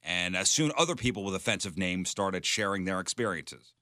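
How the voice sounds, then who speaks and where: A man's voice: deep voice, animated, brisk, sharp tone, no echo, studio quality. A man co-hosting a casual radio talk show, reading out odd news stories and putting punch into the quotes. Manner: playful, reads quotes in punchy voices.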